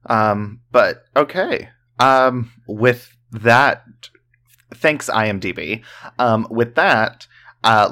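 A podcast co-host in a relaxed casual chat, dropping wry asides. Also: mid-range voice.

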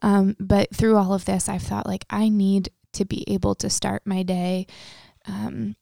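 A young woman talks earnestly and a bit tearfully, full of little fillers. Her voice is gravelly and mellow, with a flat, even melody. The sound is dry and close. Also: medium pitch, measured pace, dry recording. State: tearful, emotional. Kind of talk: casual faith conversation.

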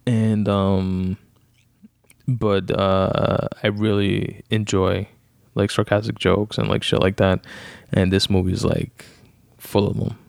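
A man's voice: lowish voice, little pitch movement, takes it slowly, creaky, dry recording. A young man talking casually about a film he saw, dry and sarcastic, full of fillers and swearing. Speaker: vlogger. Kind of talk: casual movie review chat.

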